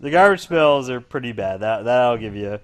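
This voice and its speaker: A man's voice: mid-range voice, animated, brisk, clean tone. A young man co-hosting a casual podcast chat over a video call, easygoing and often restarting his words. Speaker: podcast co-host.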